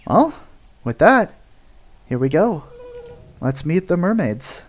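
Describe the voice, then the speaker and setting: A woman hosting a let's play, giving relaxed, amused commentary on the game. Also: on the low side, slow pace, pauses often. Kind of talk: casual gameplay commentary.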